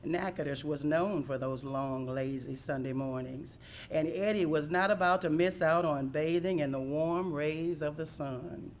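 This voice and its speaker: A woman with a lower voice reading a storybook aloud. She tells it in a measured, expressive way, leaning into the scenes. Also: a little hiss or hum. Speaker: reader.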